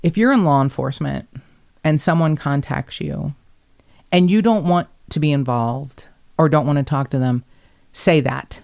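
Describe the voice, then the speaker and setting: A woman hosting a podcast, telling stories in a casual, animated way, blunt and quick to swear. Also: deep voice, vocal fry. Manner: animated, blunt storyteller who swears freely. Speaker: podcast host. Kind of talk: casual chat.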